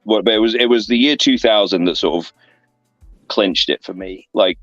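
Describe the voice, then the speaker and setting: A man in his thirties with an English accent spins loose, filler-laden anecdotes in a low voice. The sound is dry, a touch dull and lo-fi, with faint music underneath. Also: moderate pace, dry recording. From England. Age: 30s. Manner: rambling, filler-heavy anecdotes with lively voiced asides. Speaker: guest, professional wrestler. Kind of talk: casual storytelling interview. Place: online interview stream.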